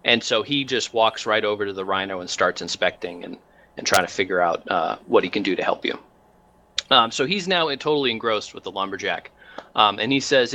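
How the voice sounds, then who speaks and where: A man's voice: on the low side, lively intonation, fairly quick, pushed and bright, slight background noise. A man narrating a tabletop role-playing game as game master, rambling with many fillers.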